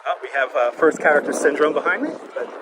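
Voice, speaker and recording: Man, Brooklyn accent, jokey live-stream tour host, clip-on mic on a loud city street. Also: a little high, quick pace, background noise. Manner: joking, swearing, chatty with viewers. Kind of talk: casual live-stream chat. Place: outdoors on busy city streets. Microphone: wireless clip-on mic.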